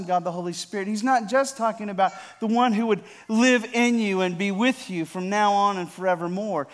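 High-voiced pastor preaching a sermon. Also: male voice. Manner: swings from hushed, slow repetition to loud emphatic build-ups; addresses congregation members by name.

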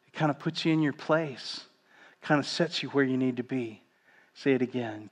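A man's voice: fairly even intonation, normal speed. A man preaching a sermon as pastor, reading scripture and leading his congregation in repeated prayer. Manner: leads the congregation in repeated prayer, drops to a hushed low voice.

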